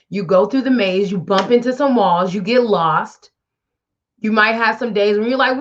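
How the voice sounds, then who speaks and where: A woman's voice: medium pitch, moderate pace, lo-fi sound. A woman hosting a wellness show, talking bluntly and casually straight to the listener. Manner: blunt, chatty, addresses listener directly. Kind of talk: casual motivational talk.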